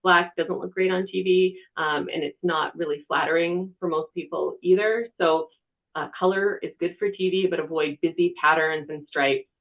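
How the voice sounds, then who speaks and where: Conversational TV reporter, mid-pitch, tinny webinar audio, quiet room. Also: steady tone, normal speed, gravelly. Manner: conversational, talks with hands. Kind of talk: practical media-training talk.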